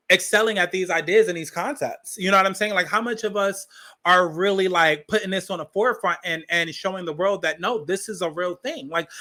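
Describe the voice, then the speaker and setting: Sassy high-voiced man ranting bluntly. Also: sharp tone. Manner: emphatic with drawn-out words. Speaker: podcast host. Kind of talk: opinionated commentary.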